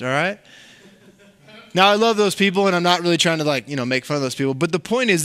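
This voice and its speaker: A man preaching a conversational, animated sermon as pastor of a church, with frequent asides to the congregation. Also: high-pitched, brisk.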